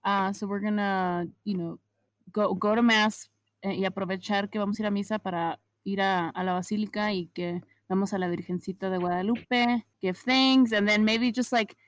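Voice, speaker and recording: Brief: woman co-host, relaxed bilingual chat, mid pitch, dry close mic. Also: brisk, no echo, rough recording. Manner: mixes Spanish and English mid-sentence. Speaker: podcast co-host. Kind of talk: casual chat.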